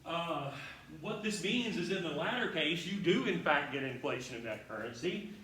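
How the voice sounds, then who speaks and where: A man's voice: fairly high pitch, animated, normal speed, pushed and bright. Man lecturing in a very echoey room. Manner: casual, salty asides and rhetorical questions to students. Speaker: history professor. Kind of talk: classroom lecture. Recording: very echoey room, far from the mic, faint noise.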